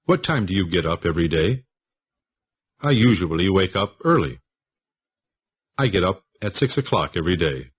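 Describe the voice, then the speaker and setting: Low husky male reader, slow practice sentences, lively up-and-down intonation, dull lo-fi sound. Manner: reads model sentences one by one, questions and answers. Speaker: English lesson reader. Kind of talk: slow scripted sentence reading.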